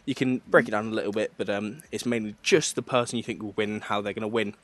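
A man's voice: lowish voice, fairly even intonation, a bit bright. Young male host, easygoing banter, speaks over a remote call. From southern England. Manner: jokey, chatty banter, quick to laugh. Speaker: podcast host. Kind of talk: casual chat.

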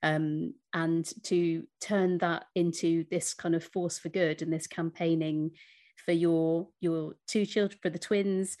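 A woman co-hosts a podcast and speaks with a fairly low voice. She talks to her guest in an earnest, appreciative way. Her phrasing is casual and she restarts phrases now and then. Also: little pitch movement, slow, a little mellow. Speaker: podcast co-host. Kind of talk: casual interview chat.

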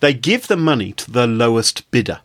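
A man's voice: medium pitch, moderate pace, no echo, studio quality. Jokey British man hosting a podcast. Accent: British English. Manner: jokey, lively storyteller. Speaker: podcast host. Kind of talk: casual chat.

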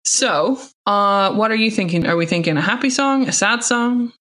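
A young woman co-hosting a podcast, chatting and ranting playfully with animated quoted voices. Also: mid-range voice, normal speed. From Ireland. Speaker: podcast co-host. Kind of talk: casual chat. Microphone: home recording.

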